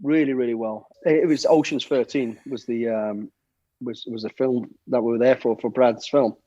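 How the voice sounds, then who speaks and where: A man's voice: mid-range voice, normal speed, dry recording, highs cut off. A middle-aged man telling anecdotes as a podcast guest, stumbling over repeated words and acting out what people said. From United Kingdom. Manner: lively storyteller, repeats words, acts out quotes. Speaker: guest, former soldier and bodyguard. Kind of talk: anecdotal storytelling.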